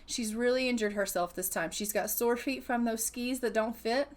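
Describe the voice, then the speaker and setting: With a fairly high voice at a moderate pace, a young adult woman runs casual commentary over her Sims game for YouTube. She's chatty, swears freely, and does voices for her character.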